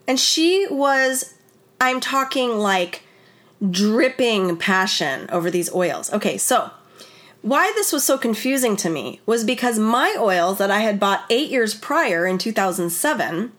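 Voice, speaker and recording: Woman, slightly high-pitched, chatty storyteller. Animated and rambling, full of retold dialogue. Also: a little slow. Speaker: wellness vlogger and former wedding photographer. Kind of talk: casual personal storytelling.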